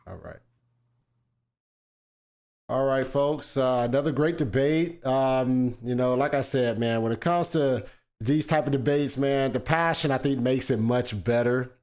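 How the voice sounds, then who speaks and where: A man hosting an online debate show, relaxed and casual, often tagging his sentences with "man". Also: medium pitch, unhurried.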